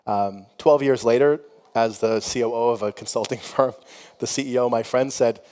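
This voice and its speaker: On a conference panel, a middle-aged company founder shares candid stories conversationally, full of "you know" and laughter. His medium-pitched voice is clear, resonant and darkish at a normal speed, with the hall adding long reverb.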